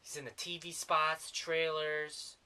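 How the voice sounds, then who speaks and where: Sarcastic man with a bright voice. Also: a little high, completely flat delivery, slow, smooth. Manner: sarcastic, rambling. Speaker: movie reviewer. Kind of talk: comedic movie review rant.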